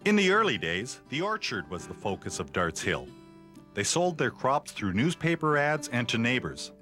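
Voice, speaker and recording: A man's voice: medium pitch, bright, forceful tone. Man narrating a documentary.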